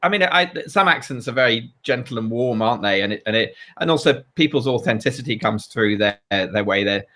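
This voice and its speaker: A British man, a guest in a casual live interview, relaxed and self-deprecating, who laughs easily. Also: medium pitch, brisk, hardly any pauses. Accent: British English. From United Kingdom.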